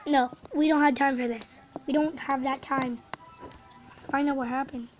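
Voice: high voice, steady tone, moderate pace, noisy background. A young person reacting to a show in casual, emotional commentary, exclaiming and close to tears. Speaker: reaction video host.

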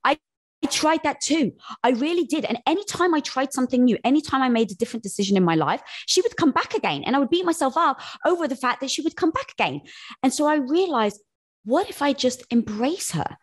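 A woman's voice: sits high, big pitch swings, fairly quick. A woman guest on a podcast, giving encouraging advice in a friendly, reassuring way. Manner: warm-hearted encouraging, calls listener girl. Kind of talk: supportive advice conversation.

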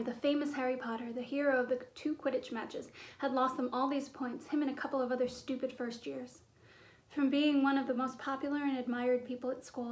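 High-voiced woman reading a storybook. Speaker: audiobook reader.

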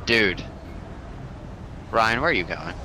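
A man's voice: fairly low pitch, lively intonation, takes it slowly, background noise. A man in casual gaming chat, teasing his friends and swearing in disbelief. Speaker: gamer.

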